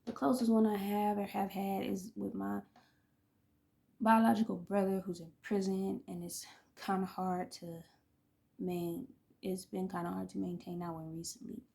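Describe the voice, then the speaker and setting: A woman's voice: medium pitch, level tone, moderate pace, creaky, warm tone. A woman in her thirties, telling personal stories in a rambling, casual way, laughing often and sometimes dropping almost to a whisper. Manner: rambling, frequent laughs, drops to near-whispers. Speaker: oracle reader and vlogger.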